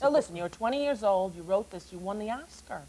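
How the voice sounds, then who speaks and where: A woman hosting a talk show, playful and teasing, quick to laugh with her guest. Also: medium pitch, lively intonation, dark tone. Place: TV studio before an audience. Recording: studio audience and background noise.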